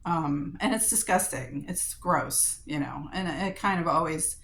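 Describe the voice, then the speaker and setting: Low-voiced middle-aged woman venting. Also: unhurried, creaky, a bit bright, a little hiss or hum. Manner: upset, profane venting with frequent fillers and restarts. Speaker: vlogger. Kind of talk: personal diary vlog.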